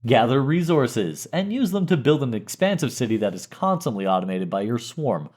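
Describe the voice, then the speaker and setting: Brief: man doing a booming radio announcer, overblown ad read, big lively swings. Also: moderate pace. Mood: hyped. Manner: hyped announcer delivery.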